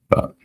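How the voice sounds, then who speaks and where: A middle-aged Australian man, an army veteran, talking bluntly and profanely in rambling casual chat on a live stream. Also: a little mellow. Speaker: army veteran podcast co-host.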